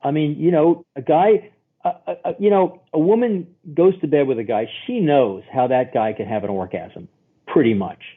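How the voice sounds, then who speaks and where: Male sex therapist, chatty, homely examples, husky voice, tinny phone line. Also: a little high, moderate pace. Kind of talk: podcast interview answers.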